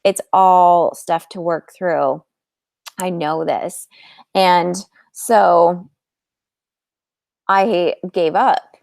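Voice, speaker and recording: A woman's voice: lowish voice, fairly even intonation, extremely slow, creaky, pauses often, a little mellow, no echo, studio quality. A woman coach telling her own story to viewers in a candid, chatty way, with many "like"s. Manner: candid, chatty, heavy use of "like". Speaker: fertility coach. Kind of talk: casual personal storytelling to viewers.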